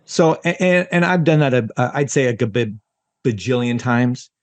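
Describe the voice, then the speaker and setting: A man's voice: medium pitch, animated, moderate pace, dry recording. A man talking casually as a podcast guest, rambling and self-mocking, with many restarts. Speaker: ADHD coach and podcast guest.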